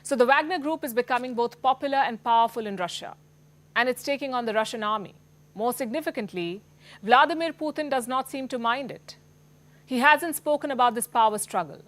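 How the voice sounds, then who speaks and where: A woman's voice: on the high side, a little fast, fairly bright tone. A woman with an Indian English accent presenting the news as an anchor, in a pointed, emphatic scripted delivery.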